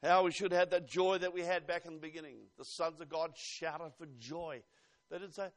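A male preacher with a notably high voice delivers a fervent sermon. He presses his points with loud, urgent appeals and then drops into quiet, confiding asides. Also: moderate pace. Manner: fervent, swings between loud exhortation and hushed asides.

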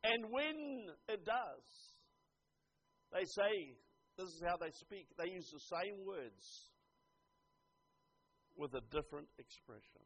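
An older man preaching a sermon, earnest, dropping to a hush and then rising to emphatic lines. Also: high voice, expressive, slow pace, pauses often, slightly rough. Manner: earnest, swings from hushed to emphatic. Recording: dull lo-fi recording.

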